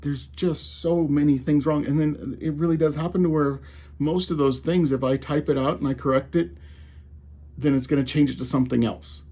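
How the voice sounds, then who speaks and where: A man's voice: fairly high pitch, mellow, breathy edge. A man with a slight Colorado drawl, ranting casually and with exasperation about tech, often restarting his sentences. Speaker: tech commentator.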